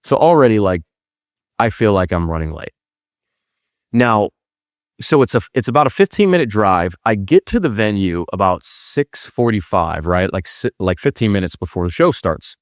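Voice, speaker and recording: Low-voiced young man telling a rambling story. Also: expressive, normal speed, no room sound, clean studio sound. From Milwaukee, Wisconsin. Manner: rambling, self-deprecating, with acted-out inner quotes. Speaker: podcast co-host. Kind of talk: storytelling monologue.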